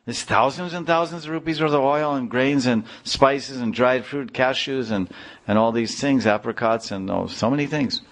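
A man voices an astonished brahmin scholar, pitching slightly above his own voice yet staying close to an everyday sound. He speaks at a moderate pace with a medium pitch, and there's slight background noise.

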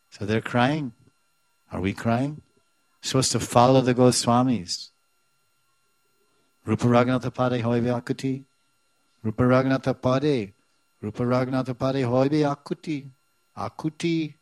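A man's voice: medium pitch, fairly even intonation, moderate pace, dry recording. Man teaching scripture, dry close sound. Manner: repeats words, chants verses, then explains them. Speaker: spiritual teacher. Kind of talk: devotional scripture class.

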